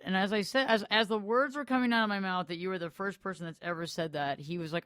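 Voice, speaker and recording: A woman hosting a radio podcast, telling a personal story in a casual, excited way and acting out the dialogue. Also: mid-range voice, quick pace, few pauses, clear, resonant tone, no echo, studio quality. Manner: casual, excited, filler words.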